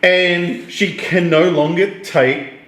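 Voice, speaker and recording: A man's voice: high voice, slow pace. An Australian man co-hosting a casual chat, telling stories and teasing the others. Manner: animated storyteller, teasing. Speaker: co-host. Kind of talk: casual banter. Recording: roomy echo.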